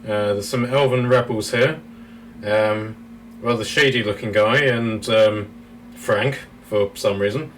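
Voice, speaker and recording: A man's voice: lowish voice, steady tone, unhurried, fairly bright tone. A man running a tabletop game as game master, talking casually, laughing often and thinking aloud while he checks his notes. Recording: distant mic, faint noise.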